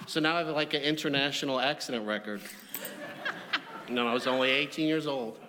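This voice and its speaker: A man delivers a eulogy made of funny, rambling anecdotes. His medium-pitched voice rings out with a long reverb tail, as in a large hall. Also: a little fast, noisy background. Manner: humorous, anecdotal storytelling. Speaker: eulogy speaker. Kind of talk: memorial eulogy.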